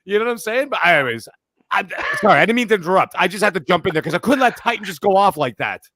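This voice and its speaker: A man's voice: high-pitched, rapid-fire, dry recording, studio quality. A middle-aged man hosting a gaming podcast, joking and arguing in casual chat. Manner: joking, argumentative, excitable. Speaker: podcast host.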